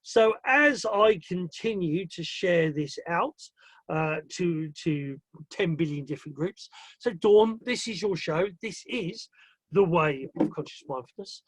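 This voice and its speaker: High-pitched, husky-voiced male podcast host. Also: lively intonation, unhurried, no echo. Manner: chatty and playful, rambling with restarts. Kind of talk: casual livestream chat.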